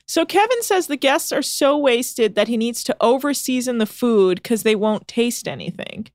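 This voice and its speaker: A woman co-hosting a podcast, recapping a reality show in fast, exasperated casual chat. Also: fairly high pitch, animated, a little mellow, no echo, studio quality.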